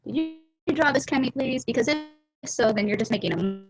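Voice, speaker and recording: A woman's voice: fairly high pitch, a little fast, gravelly, music in the background, poor audio. Young woman host, loose rambling livestream chat, giggly asides, mumbled trail-offs, laptop mic. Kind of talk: casual chat while drawing. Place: warm room at home.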